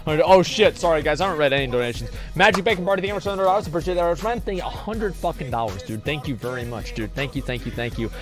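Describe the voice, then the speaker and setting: A man streaming live, chatting casually and rambling through a profane, animated story while reading donations. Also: fairly high pitch, quick pace, few pauses. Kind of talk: casual livestream chat. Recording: faint music behind voice.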